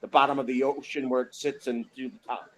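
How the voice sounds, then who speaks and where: A man's voice: mid-range voice, steady tone, quick pace, fairly bright tone, rough recording. A man in a casual online group chat, explaining facts at length with frequent restarts. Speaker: hangout participant.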